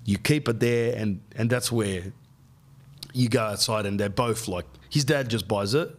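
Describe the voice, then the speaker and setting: A man's voice: lowish voice, unhurried. An Australian man hosting a podcast, telling a rambling, slang-filled story in casual chat. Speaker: podcast host.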